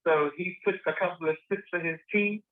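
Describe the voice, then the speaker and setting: A man guest telling a lively story in a casual interview, acting out the dialogue he quotes. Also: high-pitched, brisk. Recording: tinny phone-line sound.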